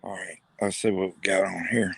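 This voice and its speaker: A man investigating the paranormal at night outdoors, calling out questions to unseen spirits in a hushed, probing way. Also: deep voice, steady tone, brisk, vocal fry, husky, dry recording. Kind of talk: ghost-hunting vlog narration. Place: outdoors at night near a building.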